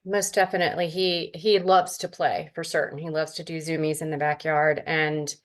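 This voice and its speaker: A woman's voice: low voice, flat delivery, moderate pace. A woman receiving a reading about her dog, talking in an emotional, grateful and hesitant way. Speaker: client. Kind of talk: casual conversation.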